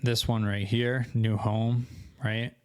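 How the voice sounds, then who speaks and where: A young man walking through a screen-share tutorial, thinking aloud casually and correcting himself as he goes, his voice going hoarse. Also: mid-range voice, flat delivery, slow pace, no room sound, clean studio sound. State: losing his voice. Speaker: co-host of an online selling channel.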